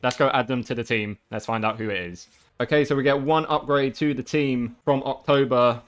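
A young man giving live commentary over a football video game, swearing and reacting loudly. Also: mid-range voice, moderate pace. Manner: excitable, swears often, shouts at big moments. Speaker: gaming video creator.

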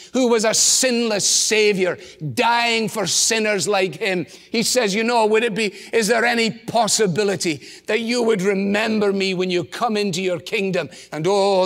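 A man's voice: sits high, fairly bright tone, long reverb tail. A man preaching a sermon, earnestly asking his congregation rhetorical questions. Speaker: pastor. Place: church.

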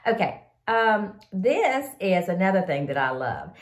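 A very animated older woman with a mid-range voice chats a little slowly to camera about products she likes, her voice reverberating in the room. As a vlogger sharing favorites, she rambles, sniffles from a cold, and calls everyone "y'all."

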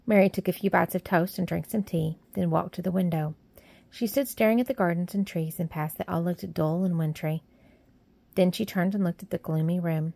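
A woman narrating a storybook in a steady, even storytelling manner. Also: fairly low pitch, normal speed, gravelly, no echo. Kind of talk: storybook reading.

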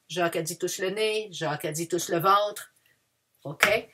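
Husky woman teaching to children. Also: medium pitch, brisk, fairly bright tone. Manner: patient, switches between English and French. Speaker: French teacher. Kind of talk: children's language lesson. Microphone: video lesson.

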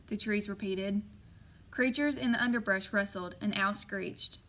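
A woman narrating a first-person novel as an audiobook, steady and measured. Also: medium pitch, poor audio.

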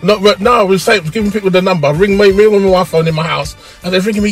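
A middle-aged man with a South London accent telling a long story in an interview, lively and quick to laugh and act out the voices. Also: high voice, faint music behind. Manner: animated, breaks into laughter and acts out voices. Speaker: interview guest, radio pioneer. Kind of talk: casual storytelling.

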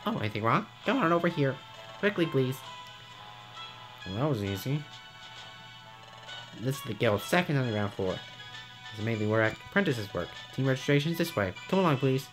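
A man voicing a fussy, bossy male parrot who assists a guildmaster, in a squeaky, high, prim voice. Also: sing-song, normal speed, pauses often, music in the background, lightly acted, poor audio. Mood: brisk.

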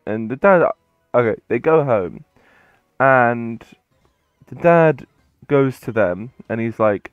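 A man's voice: mid-range voice, big pitch swings, slow pace, pauses often, no echo, muffled recording, faint music behind. A man hosting a game playthrough, retelling a story in a rambling, hesitant way with many fillers. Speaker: let's play host.

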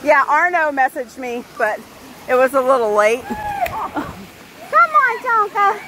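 A woman's voice: high-pitched, very animated. A woman, a vlogger coaxing her dog and laughing often, recorded outdoors by a waterfall on a handheld camera. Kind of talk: casual vlog chatter. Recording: loud rushing water noise.

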